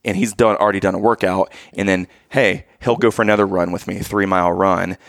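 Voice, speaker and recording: A man in his thirties telling a family vacation story in casual chat, animated and acting out the voices of the people in it. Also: sits low, a little fast, vocal fry, no echo, studio quality.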